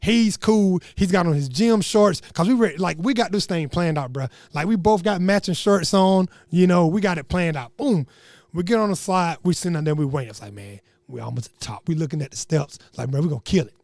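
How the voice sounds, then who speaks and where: A young man telling a comedic story in an animated, slangy way, acting out what people said. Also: sits high, fairly quick, no room sound. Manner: animated, slangy, acts out quotes.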